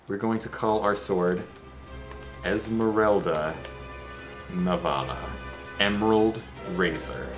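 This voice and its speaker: Low-voiced rambling gaming commentator man. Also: echoey room. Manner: rambling, self-deprecating, goofy asides. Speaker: let's-play host. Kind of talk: casual gameplay commentary.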